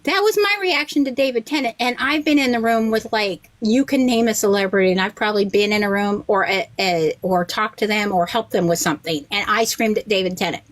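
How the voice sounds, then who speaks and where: A woman chatting casually on a podcast, an animated storyteller who acts out the voices she quotes and swears freely. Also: medium pitch, a little fast, few pauses. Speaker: rabbi and podcast guest.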